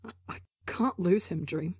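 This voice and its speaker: A woman's voice: deep voice, fairly even intonation, normal speed, darkish tone, slightly rough, dry recording, studio quality. A woman voicing a frantic young man who stammers in panic over his partner, in an audio story reading. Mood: tearful.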